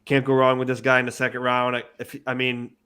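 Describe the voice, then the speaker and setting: A man chatting on a sports podcast panel in a casual, rambling way. His pitch stays flat and even, and he often doubles back to repeat himself. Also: fast talker.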